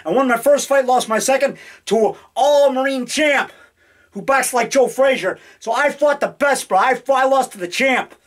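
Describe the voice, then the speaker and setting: Speaking at a moderate pace in a very high-pitched voice, a man in his fifties vlogs from his home basement. He makes low-budget horror films and rambles, boasts and jokes to the camera, whose built-in mic records him.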